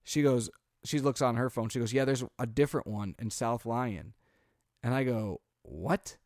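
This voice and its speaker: At normal speed and in a mid-range voice, a thirtysomething dad on a podcast tells a drawn-out family story in a loose, animated style. He acts out what people said and fills gaps with "um" and "like." Studio-quality audio, no echo.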